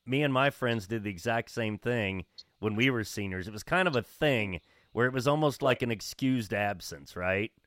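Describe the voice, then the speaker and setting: A man hosting a podcast from a radio studio, speaking in measured, polished broadcaster phrasing. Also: fairly low pitch, fairly bright tone, no room sound. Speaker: podcast host. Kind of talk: casual chat.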